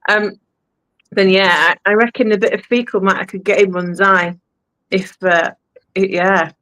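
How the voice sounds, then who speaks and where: A woman's voice: medium pitch, fairly even intonation, normal speed, fairly bright tone. A British woman in casual chat as a podcast guest, blunt and crudely joking. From United Kingdom.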